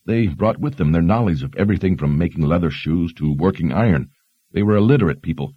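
A man voicing a learned young woman who explains history in a measured, explanatory way. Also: low-pitched, lively intonation, breathy edge, dry recording, lo-fi sound. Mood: explaining.

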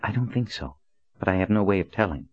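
A stern, composed woman leader in an audiobook, read by a man in a low, calm, clipped voice. The sound is dry and a bit dull. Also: fast, no room sound. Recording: dull lo-fi recording.

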